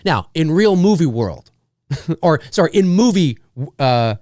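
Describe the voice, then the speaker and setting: A man hosting a live stream, answering viewer questions in an animated way. He often repeats himself and laughs. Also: on the high side, measured pace, dry recording, clean studio sound. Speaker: host.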